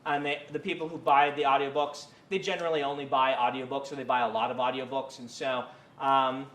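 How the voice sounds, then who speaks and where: A man's voice: mid-range voice, little pitch movement, fairly quick, fairly bright tone. Rambling man giving a casual lecture. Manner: rambling, many fillers and self-corrections. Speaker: university creative writing lecturer. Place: university lecture room.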